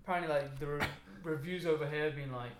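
A man's voice: on the high side, fairly even intonation, fast talker, a loud crowd. A young man chatting casually about films, laid-back and swearing often. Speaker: film chat participant. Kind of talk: casual chat. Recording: echoey room with noticeable background noise.

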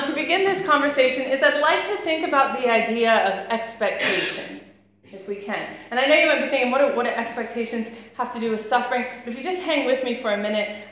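A woman's voice: fairly high pitch, fairly bright tone. A woman in her thirties preaching a conversational sermon, chatty and breaking into laughter as she tells stories. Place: church hall. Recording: echoey church hall with faint noise.

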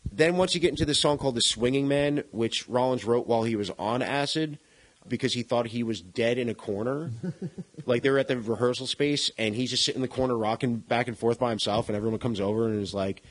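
A man's voice: mid-range voice, fast, low-quality recording. A man in casual podcast chat about music, rambling, laughing often and swearing casually. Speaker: podcast co-host.

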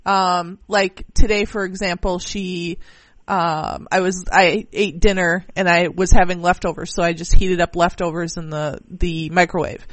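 A woman's voice: on the low side, steady tone, a little slow, dry recording. Woman, podcast co-host, casual rambling chat, fillers and restarts, dry sound.

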